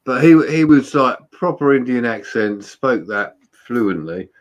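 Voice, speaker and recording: An English man hosts a relaxed live chat with his viewers. He talks in a chatty, easy way, strings stories together, and drops into quoted voices now and then. His voice sits at an ordinary middle pitch. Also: a little slow. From England. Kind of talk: casual chat.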